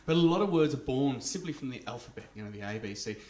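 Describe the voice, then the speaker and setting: A man co-performing in a live comedy show, calmly explaining things to the audience. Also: medium pitch, fast talker, distant mic, a little hiss or hum. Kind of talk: live comic stage show. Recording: echoey live stage recording.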